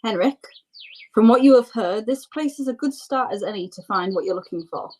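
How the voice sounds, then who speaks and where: A woman narrating scenes as game master of a tabletop role-playing game, descriptive and relaxed. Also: a little high, fairly quick, poor audio.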